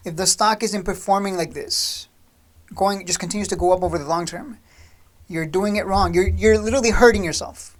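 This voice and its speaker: A woman's voice: mid-range voice, brisk. A woman hosting a stock trading channel, talking straight to the viewer in a blunt, scolding, sarcastic rant.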